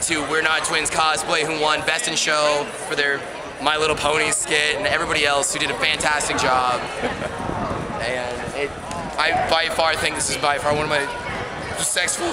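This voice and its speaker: A playful, joking man talks casually outdoors at a fan convention at night. His voice sits a little high for a man, and loud background noise runs under everything he says. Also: fairly even intonation, normal speed. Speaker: cosplayer. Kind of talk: casual chat.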